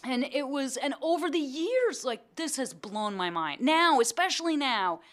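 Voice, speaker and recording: A middle-aged woman telling stories as a guest in a casual interview, acting out quotes in an animated voice. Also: unhurried. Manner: animated, acts out quotes in a high excited voice. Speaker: guest actor.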